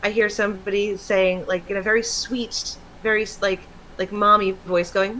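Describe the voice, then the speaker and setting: A woman chatting casually on a stream, telling stories in a lively way and laughing often. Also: mid-range voice, normal speed, few pauses, poor audio. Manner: animated storytelling, laughs often. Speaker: streamer co-host. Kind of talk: casual chat. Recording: faint background noise.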